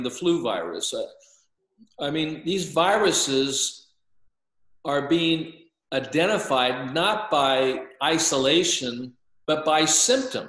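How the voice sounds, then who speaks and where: A man's voice: medium pitch, fairly bright tone, echoey room, poor audio. An older man explaining at length as an interview guest, hesitant, with frequent filler sounds and restarts. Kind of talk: lecturing explanation.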